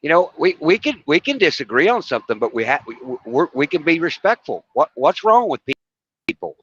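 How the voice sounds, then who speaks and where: A man hosting a livestream, speaking calmly and agreeably in casual chat over a video call. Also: a little high, a little fast, highs cut off, a little hiss or hum.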